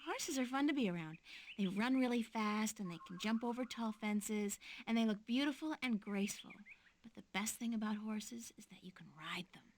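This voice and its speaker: A woman's voice: mid-range voice, moderate pace, slight background noise, natural voice. An actress voicing a curious young woman heroine in a video game, with dry, wry remarks.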